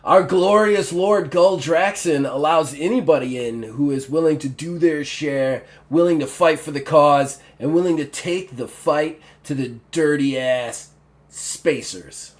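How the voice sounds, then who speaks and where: A man's voice: a little high, measured pace, close to an everyday voice. A chummy, overfamiliar human guard who talks in a loose, friendly, slightly boastful way, as a man plays him at the table. The voice stays close to an everyday man's speech.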